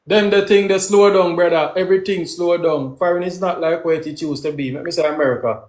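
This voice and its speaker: Man, Jamaican accent, host, casual chat, fairly high voice, echoey room. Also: fairly even intonation, a little fast, a little mellow. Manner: conversational, retells others' words.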